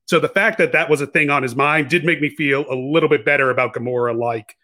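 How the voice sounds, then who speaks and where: Speaking quickly in a fairly high, sharp-toned voice, a male podcast co-host chats casually about a film for a review. His talk is full of restarts and self-corrections.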